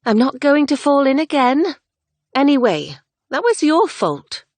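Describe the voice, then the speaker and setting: A woman reading as a lively, wry young heroine in a romance audiobook, pitched well above the reader's own low voice. She speaks in a raised, bright tone, close and dry. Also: unhurried, dry recording, exaggerated voice. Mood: teasing.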